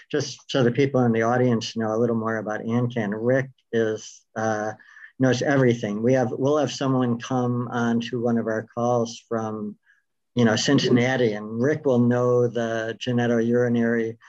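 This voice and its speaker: A man's voice: mid-range voice, darkish tone, muffled recording. A man talking as a guest on a video call interview, rambling with many fillers and restarts.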